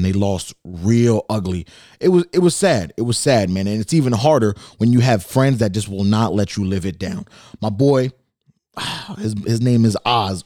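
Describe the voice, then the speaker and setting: A man hosting a casual solo podcast from his bedroom, energetic and swearing constantly. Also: mid-range voice, no room sound, clean studio sound. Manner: energetic, swears a lot, jumps between hype and mock sadness. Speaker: podcast host.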